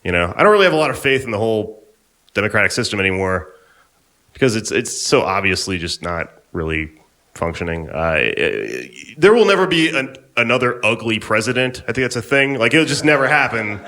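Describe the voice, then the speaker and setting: Young man, stand-up comic, live stage set, lowish voice with a bright edge, shambling offhand delivery. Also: sing-song, a little fast. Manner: laid-back, rambling, offhand. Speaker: stand-up comedian. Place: live comedy venue on stage.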